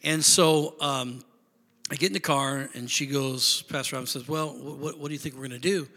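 Pastor guy telling a story in his sermon, bright sharp voice, church echo. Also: medium pitch, normal speed. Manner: animated storyteller, quiet asides building to loud shouting praise.

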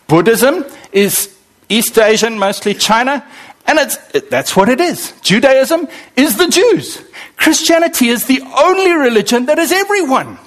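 A man preaching in a church hall with a bright, fairly high voice that swings widely up and down. He talks to the congregation in an easy, conversational way and jokes with them as he goes. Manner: conversational and animated, joking with the congregation. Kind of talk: sermon.

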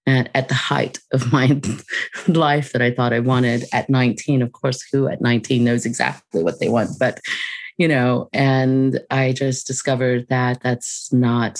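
A woman speaks as a guest, recounting her own story in an unhurried, reflective way and laughing softly now and then. Her voice has a gravelly, slightly fry-tinged texture. The recording is dry and close, with no room sound. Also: extremely low pitch, dry recording. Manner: reflective, unhurried, with soft laughs and frequent "you know". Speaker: podcast guest. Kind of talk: personal storytelling in conversation.

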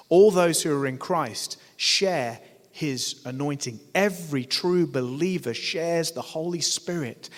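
A man preaching a sermon, emphatic, swelling to loud declarations and asking his listeners rhetorical questions. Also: fairly high pitch. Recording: long hall reverb.

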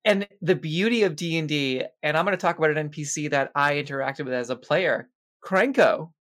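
A co-host with a mid-pitched voice tells gaming stories in an animated, chatty way. They laugh readily and keep the conversation light. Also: fairly quick. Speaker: podcast co-host. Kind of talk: casual chat.

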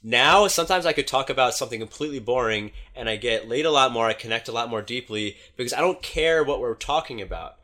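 Bright, animated male podcaster; swears freely, casual storyteller. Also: medium pitch, fast, hardly any pauses. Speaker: dating coach.

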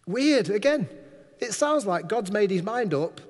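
Lively preacher in an echoing hall. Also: male voice, high-pitched, unhurried. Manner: lively, playful, acts out quoted voices. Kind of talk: sermon. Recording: long hall reverb.

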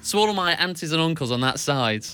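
A man co-hosting a casual radio show, teasing his partner, animated and laughing often. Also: fairly high pitch, fast talker, smooth, faint music behind. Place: radio studio.

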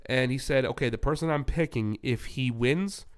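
A man co-hosting a podcast, with a mid-range, everyday voice. He talks in a low-key, dry way, ribbing his friend in loose banter. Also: normal speed. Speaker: podcast co-host. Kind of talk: casual chat.

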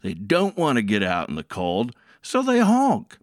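An earnest, plain-spoken male garage mechanic, voiced by a storyteller tells his tale in a folksy way. The delivery is slow and the sound is close and dry. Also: medium pitch, wildly swooping pitch, dry recording.

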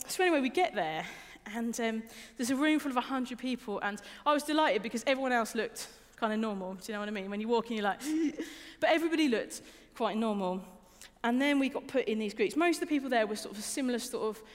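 Speaking quickly and expressively with few pauses, this preacher has a fairly high voice. She's a young adult woman delivering an informal, personal sermon in an echoing hall, frequently repeating words and asking the audience questions.

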